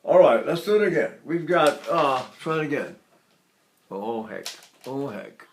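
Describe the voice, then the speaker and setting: A man's voice: a little high, lively intonation, normal speed, slight background noise. Older male voice teacher, echoey room. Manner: explains, then breaks into sung la and pa exercises. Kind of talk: singing lesson with vocal demonstrations.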